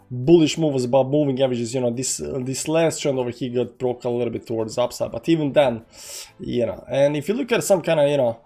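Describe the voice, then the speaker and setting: A man's voice: a little high, warm tone. A man hosting a casual livestream, chatting to viewers and talking through price charts, with many repeated "you know" and "guys". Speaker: crypto livestream host.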